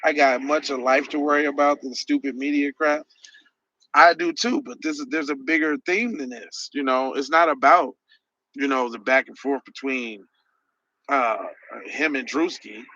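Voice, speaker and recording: A man's voice: medium pitch, moderate pace, sharp tone, lo-fi sound, a little hiss or hum. A man hosting a podcast livestream, answering chat messages with sarcastic, mocking rants. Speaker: podcast host reading live chat. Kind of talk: heated livestream commentary.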